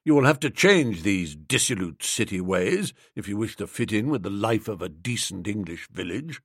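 A man voicing a glib, teasing young English friend in an audiobook, with a dry, mocking manner and a husky voice. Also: lowish voice, sing-song, moderate pace, a bit bright, no room sound, pitched below the performer's own voice, full character voice. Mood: mock-solemn. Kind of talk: audiobook character reading.

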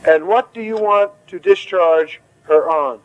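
A man giving a medical lecture to a class in an animated, theatrical way, acting out confused students. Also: high-pitched, a little slow, highs cut off, a little hiss or hum.

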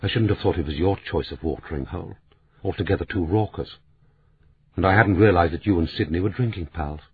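A cutting, sardonic woman picks at everyone around her, read by a man in his own low voice. The sound is husky and thin, as if over a phone line. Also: fairly quick, exaggerated voice. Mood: cool. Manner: sharp and sardonic. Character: sharp, cutting middle-aged woman.

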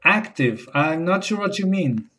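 A man hosting a comedy podcast, playing a baffled dinner guest with slow, hesitant, bewildered replies. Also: high-pitched, animated, bright, forceful tone. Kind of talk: comedy sketch and podcast narration.

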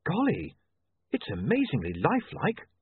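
A man voicing a quick, sharp-minded young woman in a brisk, questioning manner. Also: on the high side, wildly swooping pitch, husky, pitched above the performer's own voice, full character voice. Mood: startled. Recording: tinny phone-like, dry.

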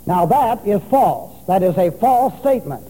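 A pastor with a high-sitting, sing-song, mellow voice preaches an expository sermon at a moderate pace, spelling Greek words letter by letter and teaching with emphasis. A large hall's long reverb surrounds him.

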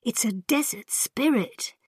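A woman's voice: on the high side, unhurried, darkish tone, husky, no echo, studio quality, pitched above the performer's own voice. A woman reading a story aloud and voicing a fearful, superstitious young girl who pleads tensely. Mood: warning.

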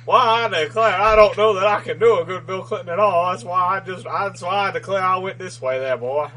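A man's voice: high-pitched, fairly quick, sharp tone, low-quality recording. A man putting on a blustering, drawling Southern cartoon-rooster voice, repeating "I declare" in an exaggerated drawl.

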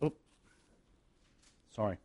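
A man's voice: slow, darkish tone. A male pastor preaching a sermon, emphatic and repetitive, with rhetorical asides to the congregation.

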